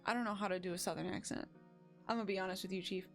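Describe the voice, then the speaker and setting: A woman's voice: mid-range voice, fairly even intonation, rapid-fire, faint music behind. Giggly self-mocking woman streamer. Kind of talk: casual game-stream commentary.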